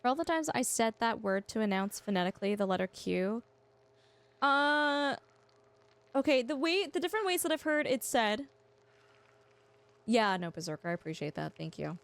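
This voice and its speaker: A woman's voice: fairly high pitch, lively intonation, moderate pace, pauses often. A young woman streaming a game, chatting with her viewers and often restarting her sentences. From Canada. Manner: chatty, answers chat, stammers and restarts. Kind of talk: casual livestream chat.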